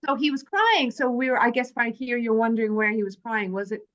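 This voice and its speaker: A woman's voice: a little high, brisk, a bit bright. A woman hosting a casual movie club chat, reading from her notes and joking with friends. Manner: chatty, jokey, reads from prepared notes. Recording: dull lo-fi sound.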